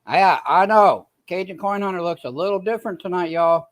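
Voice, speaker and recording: A man's voice: high voice, fairly quick. A man with a drawl talks casually to his livestream viewers, greeting each by name in a slightly raised voice. He sounds tired and in pain. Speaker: livestream host.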